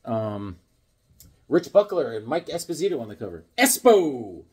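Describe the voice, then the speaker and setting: A man's voice: medium pitch, big pitch swings, normal speed, a little mellow, slightly rough. A middle-aged man chatting casually about his comic books, wandering off into jokey stories as he goes. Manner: rambling, jokey storyteller. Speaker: comic book collector vlogger. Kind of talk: casual show-and-tell chat.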